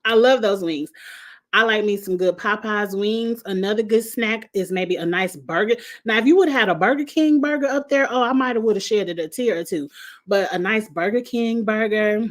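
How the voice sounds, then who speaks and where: A woman's voice: mid-range voice, moderate pace. A middle-aged woman recapping a reality show in casual chat, blunt and sassy, laughing at her own jokes.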